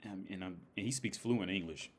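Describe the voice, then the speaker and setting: American man, livestream host, rambling, profane, lowish voice. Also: brisk. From United States. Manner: rambling, profane, laughs often. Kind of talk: casual livestream talk.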